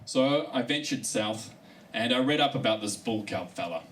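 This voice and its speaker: A man's voice: mid-range voice, moderate pace. A male comedian telling a story in a live stand-up comedy set. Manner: storytelling, animated delivery. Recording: distant mic with live room noise.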